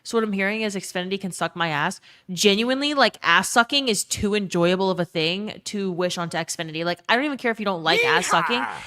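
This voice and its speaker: A woman's voice: medium pitch, expressive, fast, hardly any pauses, bright, forceful tone. A young woman streamer in casual chat, ranting with plenty of swearing and reading chat messages aloud. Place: her own emptied bedroom.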